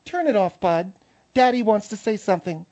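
A woman's voice: mid-range voice, expressive, normal speed, dark tone, muffled recording. A woman giving a mock-serious, fussy, indignant comedic report, easily irritated.

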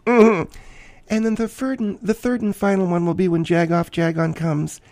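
A man's voice: high voice, little pitch movement, normal speed, darkish tone, no room sound. A man voicing a gushing, self-absorbed woman host. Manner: theatrical, rambling, gushing, self-important. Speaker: podcast host. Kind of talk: comic character monologue.

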